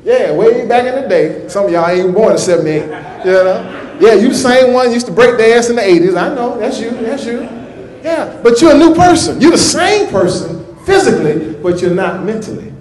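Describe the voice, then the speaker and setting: A man's voice: high-pitched, lively intonation, normal speed, darkish tone. A male minister preaching a sermon in church, folksy and repetitive, with a rhythmic delivery. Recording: echoey church room.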